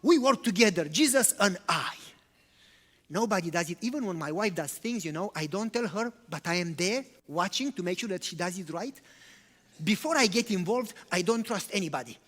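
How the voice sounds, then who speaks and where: In a church with a long hall reverb, a male pastor gives a sermon in a conversational style full of rhetorical questions. His voice is high and fairly bright, with lively intonation and a moderate pace.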